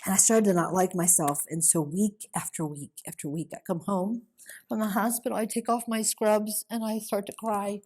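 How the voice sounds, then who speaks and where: A woman's voice: mid-range voice, steady tone, moderate pace, a little mellow, breathy edge. A middle-aged woman speaking at a women's conference, telling her personal faith story in an earnest, emotional way. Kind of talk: personal testimony. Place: conference hall.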